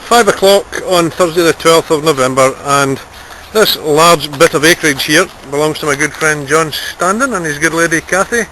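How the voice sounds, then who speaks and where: A man's voice: on the high side, normal speed. A Scottish man in his forties narrating a casual travel vlog outdoors with chatty, teasing humour. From Scotland. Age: 40s. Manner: jokey, chatty, teasing banter. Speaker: vlogger. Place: outdoors in a city and a large grassy garden. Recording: outdoor camcorder audio with clear background noise.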